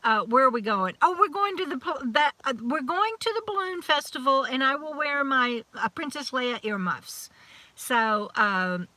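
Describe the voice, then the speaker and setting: A middle-aged woman with a drawl chats through a casual live stream, wandering from topic to topic and restarting her sentences. Her voice is bright and sits a little high. The sound is close and dry. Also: lively intonation, moderate pace, dry recording. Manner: chatty, rambling, frequent restarts and laughs. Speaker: live chat host.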